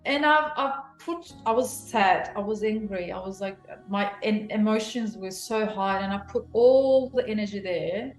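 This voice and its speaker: A woman in her forties tells her personal story as an interview guest, emotional and animated, with many restarts. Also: medium pitch, measured pace, hardly any pauses. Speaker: guest, clinic founder. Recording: roomy echo, faint music.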